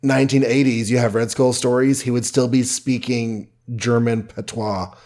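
A man's voice: medium pitch, little pitch movement, a little mellow. Mid-voiced man explaining comics casually. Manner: measured, explanatory, with "um" pauses. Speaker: podcast co-host. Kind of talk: casual chat about comics.

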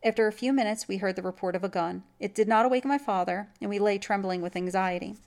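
A woman reads a classic tale aloud in a measured, even manner. Her voice has a gravelly fry to it. The delivery stays steady throughout. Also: medium pitch. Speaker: story reader. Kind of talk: audiobook story narration.

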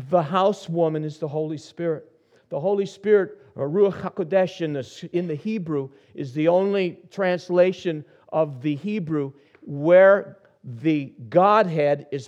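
A middle-aged man preaches as senior pastor, his voice sitting a little high. He tells stories in quiet asides and then builds to emphatic points. The recording is muffled and lo-fi. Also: normal speed. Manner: storytelling, shifting from soft asides to rising emphasis. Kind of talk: sermon.

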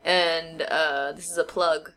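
A woman's voice: deep voice, fairly even intonation, slow, sharp tone, slight background noise. A woman co-hosting a podcast in casual chat, talking with many "like" and "you know" fillers. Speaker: podcast co-host.

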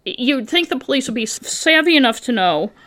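A woman's voice: high voice, lively intonation, fairly quick, a bit bright. A woman in her fifties co-hosting a podcast, reading through a criminal case with blunt, sarcastic commentary. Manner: wry and blunt, with sarcastic asides. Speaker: podcast co-host. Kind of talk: reading a true-crime case aloud with commentary.

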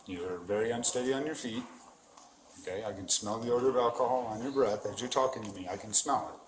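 A male police officer speaking on a body camera in a courthouse hallway, halting and repeating himself. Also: medium pitch, crowd noise. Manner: halting, repeats words and "okay". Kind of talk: bodycam arrest exchange. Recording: echoey hall with noise.

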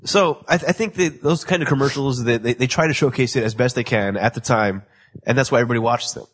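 Husky-voiced man chatting casually. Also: mid-range voice, fast talker. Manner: rambling, restarts often, laughs easily. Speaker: podcast co-host. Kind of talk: casual chat.

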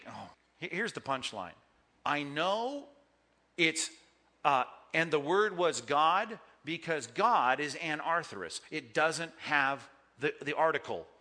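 A pastor teaches Greek grammar from the pulpit, his voice very bright and ringing, pitched a little high. He drives points home with emphasis and dry joking asides and keeps checking in with his listeners. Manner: emphatic, joking asides, rhetorical "okay?" and "right?". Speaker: pastor teaching a Bible class.

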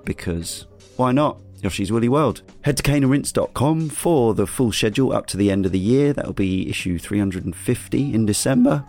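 A man's voice: fairly low pitch, darkish tone. A man hosting a casual podcast chat, rambling with fillers and restarts. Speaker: podcast host.

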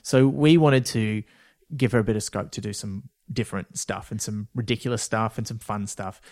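A man's voice: lowish voice, moderate pace, a little mellow, no room sound, studio quality. A man co-hosting a podcast, chatting casually and rambling a bit with fillers. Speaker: podcast co-host, writer of a radio series.

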